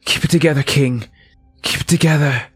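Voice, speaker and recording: A man's voice: on the high side, fairly quick, breathy edge, no echo, voice pushed up. A man voicing King, a young man in pain trying to hold himself together. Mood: strained.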